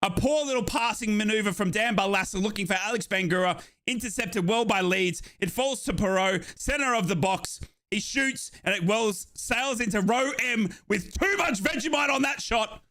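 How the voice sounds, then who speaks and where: High, gravelly match commentator. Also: male voice. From Australia. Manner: excitable, bursts into shouting at goals. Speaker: watchalong host. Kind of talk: excited live match commentary.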